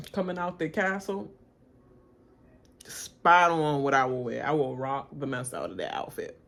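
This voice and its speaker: A chatty woman who hosts a reaction channel gives casual commentary while live-watching, her reactions swinging lively. She laughs often and acts out cast members' lines in high, squealing voices.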